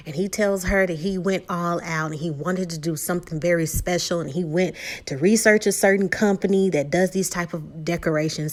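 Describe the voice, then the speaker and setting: A woman casually recapping a reality TV episode, retelling scenes and paraphrasing what people said. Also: medium pitch. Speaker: YouTuber recapping a reality show.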